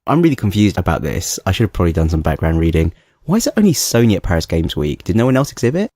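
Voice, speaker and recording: Podcast co-host: London-accented man, low voice, very lively intonation, chatty and laughing, dry close mic. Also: racing, no room sound. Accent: London English. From London, England. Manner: animated, laughs often, acts out voices. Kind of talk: casual chat.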